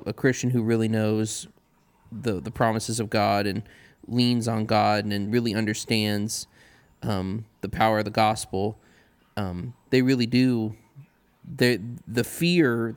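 A man in casual religious discussion, speaking earnestly and pausing often with fillers. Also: lowish voice, clear, resonant tone. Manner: earnest, halting with many ums.

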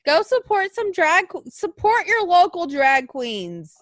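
A young woman co-hosting a podcast, venting and swearing in casual chat, lurching between mumbles and loud outbursts. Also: extremely high pitch, sing-song, unhurried, no room sound, clean studio sound. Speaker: podcast co-host.

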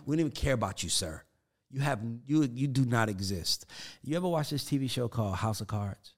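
A man's voice: mid-range voice, brisk. A man in casual podcast chat with a mid-range voice. He tells his stories with energy, acts out the quotes in other voices and swears freely. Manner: animated storyteller who acts out quotes, curses freely. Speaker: podcast guest.

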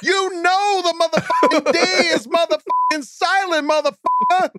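A man's voice: very high-pitched, fairly even intonation, moderate pace, very noisy, voice pushed up. A man doing an impression of a furious, foul-mouthed famous actor who swears in every sentence.

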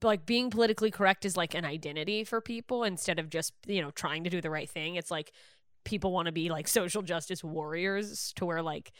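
A woman's voice: fairly low pitch, a little fast. A woman comedian and podcast host in casual chat, laughing often and talking in loose, filler-heavy riffs.

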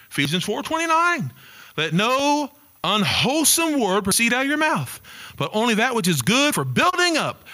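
A man preaching a sermon as a pastor, swinging between loud emphasis and quiet, low asides.

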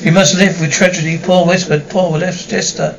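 A woman's voice: fairly low pitch, steady tone, normal speed, muffled recording, lightly acted. An actress playing a greedy, scheming wife who mourns her husband sarcastically and theatrically, in 1950s TV drama style. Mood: mock grief.

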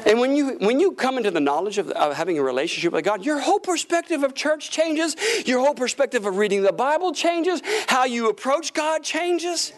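A pastor preaching a lively, folksy sermon in a church service, with humorous asides and call-and-response with the congregation. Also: male voice, very high-pitched, a little fast, hardly any pauses.

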